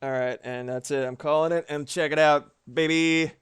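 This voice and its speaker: A man's voice: a little high, moderate pace, clear, resonant tone. A man in his thirties streaming live while animating, chatting loosely with his viewers and cursing now and then. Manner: relaxed, chatty, reads chat aloud, swears casually. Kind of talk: casual live-stream chat.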